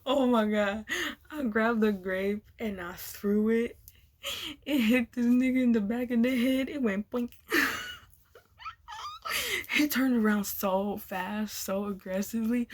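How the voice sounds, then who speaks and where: A woman's voice: medium pitch, steady tone, measured pace, a little mellow. A young woman vlogger telling a casual storytime, laughing often and swearing as she rambles. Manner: giggly, swears a lot, loose and rambling.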